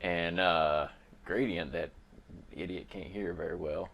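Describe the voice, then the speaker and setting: A man's voice: deep voice, fairly even intonation, unhurried, creaky, fairly bright tone. A man from Tennessee playing a tabletop game, rambling and repeating words as he chats. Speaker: player. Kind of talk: casual tabletop chat.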